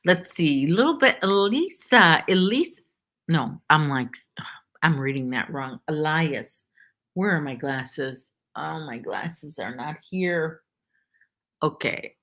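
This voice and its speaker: Crocheting live from home, a woman chats in a rambling way and names her viewers aloud. Her low voice is expressive and fairly bright, and her pace is slow.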